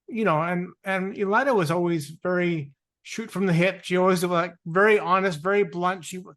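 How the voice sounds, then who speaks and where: A man hosting a talk show, speaking haltingly with many restarts. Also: sits high, fairly bright tone. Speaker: host. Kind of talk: casual chat.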